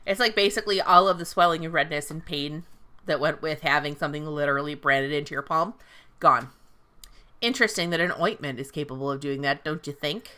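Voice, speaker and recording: A woman's voice: deep voice, brisk, pushed and bright. A woman casually recapping a fantasy novel on a podcast, swearing freely and paraphrasing characters in a playful, irreverent way. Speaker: podcast host recapping a book.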